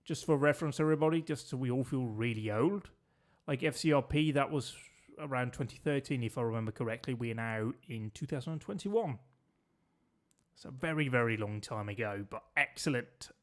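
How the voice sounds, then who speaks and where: A man's voice: medium pitch, brisk. A man streaming a geography guessing game, chatting and joking with his viewers as he plays. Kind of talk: casual gameplay commentary.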